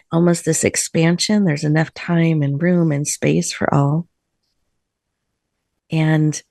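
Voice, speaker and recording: A woman's voice: low-pitched, vocal fry, no room sound, clean studio sound. Soothing woman guiding a meditation. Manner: soft, slow, soothing guidance. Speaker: host. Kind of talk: guided breathing meditation. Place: virtual room, video call. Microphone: video call.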